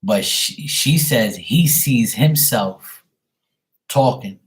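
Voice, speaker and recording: A man's voice: mid-range voice, lively intonation, extremely slow. A young man doing a live tarot reading on camera, relaying messages in a rambling way full of fillers. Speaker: tarot reader. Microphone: webcam at desk.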